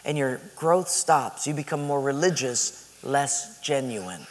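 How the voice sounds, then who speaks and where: A man preaching a sermon, telling a story in a lively way with laughter. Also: mid-range voice, takes it slowly, long reverb tail, slight background noise.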